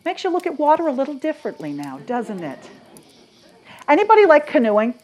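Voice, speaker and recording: A woman from Maine telling ghost stories live to an audience, dropping to a hush and then rising loud and animated, asking the crowd questions. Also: high voice, brisk. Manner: dramatic, swings from hushed to loud and animated. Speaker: storyteller.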